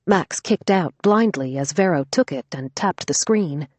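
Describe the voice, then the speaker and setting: A woman narrating an audiobook thriller in a brisk, lively storytelling manner. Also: lowish voice, no room sound.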